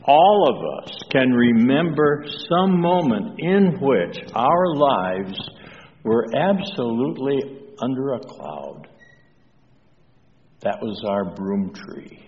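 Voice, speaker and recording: A man preaching a sermon with a slow, halting delivery full of pauses, asking the congregation questions. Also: mid-range voice, very animated. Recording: distant, dull echoey hall with faint noise.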